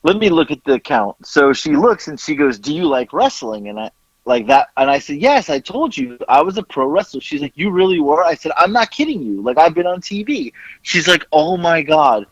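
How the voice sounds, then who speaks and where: Guy on a podcast telling a wild story, bouncy kinda high voice, dull lo-fi sound. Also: brisk, no room sound. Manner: animated, swearing, acting out both sides of a phone call. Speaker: podcast host.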